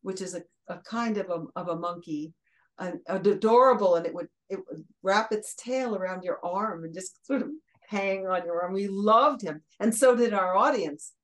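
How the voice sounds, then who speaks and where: An older woman from Brooklyn, guest on a chat show, tells stories with relish. She laughs between phrases, acts out the lines people said, and lets the tale run on in a steady, mid-range voice. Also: medium pitch, moderate pace, low-quality recording. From Brooklyn, USA. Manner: lively anecdotal storyteller who laughs mid-sentence and acts out quotes. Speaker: guest, former children's TV host. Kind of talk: casual storytelling interview.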